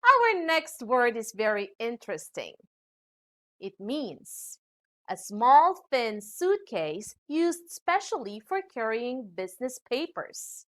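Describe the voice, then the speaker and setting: A woman from the Philippines with a Filipino accent, teaching a scripted English pronunciation lesson to students. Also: a little high. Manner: slow, lively teacherly delivery addressing students.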